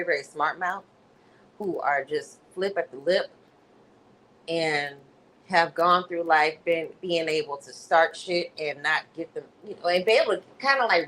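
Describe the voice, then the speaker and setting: A woman host telling a story on a casual livestream, animated and freely profane. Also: lowish voice, normal speed, rough recording.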